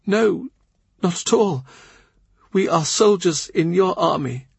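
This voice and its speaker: A male audiobook reader voicing an earnest young woman, a lord's niece, who talks in an eager, confiding way and is quick to protest. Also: sits high, expressive, creaky, darkish tone, husky, no room sound, pitched above the performer's own voice, heavily acted. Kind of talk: audiobook character reading.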